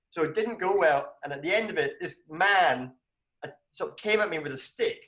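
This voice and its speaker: Animated Scottish man on a video call. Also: a little fast, roomy sound. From Scotland. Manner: animated, bursts into high exclamations. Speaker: comedian guest. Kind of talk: casual video call chat.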